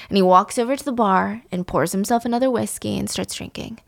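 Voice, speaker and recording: A woman recaps a plot in a casual, chatty way. She is animated and jumps into the characters' lines as she goes. Her voice sits at a middle pitch, and the recording is dry and close. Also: a little fast, creaky, few pauses, dry recording. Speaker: storyteller recapping a show. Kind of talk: casual retelling of a story.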